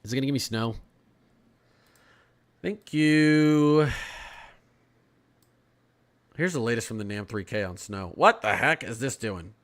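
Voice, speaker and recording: A man's voice: lowish voice, lively intonation, quick pace, pushed and bright. A young man from Florida hosting a live weather stream, talking casually about forecasts, repeating and restarting phrases as he reads chat. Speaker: weather livestream host.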